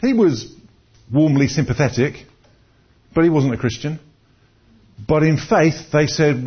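A man with a fairly high, breathy-edged voice speaks expressively at a measured pace, with long pauses. He preaches a conversational sermon full of personal stories, repeating words when he restarts. The recording is lo-fi and dull.

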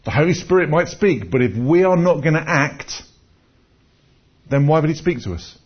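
A man's voice: fairly high pitch, animated, normal speed, husky. A man preaching a conversational sermon, telling personal stories and often restarting his words. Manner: conversational, storytelling, repeats words when restarting. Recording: dull lo-fi recording.

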